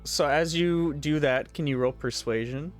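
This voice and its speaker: A man's voice: a little high, a little slow, soft background music. A man running a tabletop game as game master, narrating loosely with many fillers.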